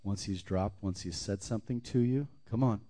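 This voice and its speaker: A pastor leading his congregation in a fervent sermon prayer, calling out lines for them to repeat and sometimes dropping to a hush. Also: on the low side, normal speed. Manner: fervent, leads call-and-response prayers, drops to whispers.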